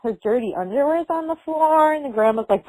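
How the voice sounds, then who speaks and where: Her voice sits high and she talks fairly quickly, though the audio is poor and a loud crowd is audible. As a podcast co-host, she runs through a TV episode in lively, casual chat, performing the characters' dialogue.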